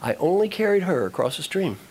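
A man voicing a calm, easygoing male monk who is roused from sleep in a told story. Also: sits high, brisk, husky, voice pushed up, full character voice, low-quality recording. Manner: easygoing, matter-of-fact.

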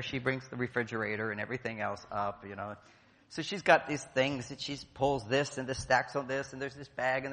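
A man's voice: medium pitch, a bit bright. A middle-aged man giving a playful, jokey talk to a live audience, acting out quotes as he goes. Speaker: speaker at a conference. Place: large hall. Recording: long hall reverb.

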